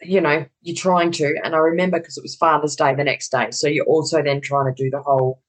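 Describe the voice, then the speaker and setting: A woman's voice: low voice, fairly quick, few pauses, poor audio. Australian woman candidly telling her story. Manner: animated retelling with quoted inner dialogue. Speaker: interview guest.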